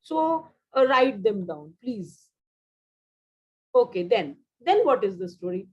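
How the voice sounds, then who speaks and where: A woman's voice: mid-range voice, sing-song, slow, darkish tone, husky, lo-fi sound. A woman with an Indian English accent teaching a vocabulary class online, repeating key words and slipping into Hindi.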